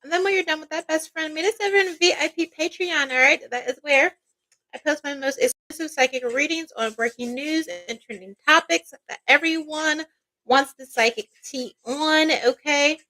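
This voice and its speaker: A woman's voice: high voice, normal speed, pushed and bright, poor audio. A woman giving a casual tarot reading as a psychic, chatty and peppered with "all right" and "okay".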